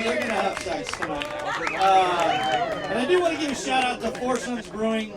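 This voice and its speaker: A man's voice: very high voice, very animated, normal speed, very noisy. A man emceeing an outdoor backyard comedy show, doing loose crowd work full of fillers. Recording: echoey, distant, loud crowd. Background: loud crowd.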